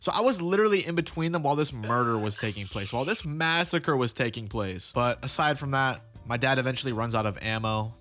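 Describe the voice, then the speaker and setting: A young man narrating a comedic storytime, animated and exaggerating for laughs. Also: mid-range voice, fairly quick, hardly any pauses, faint music behind. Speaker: storytime youtuber.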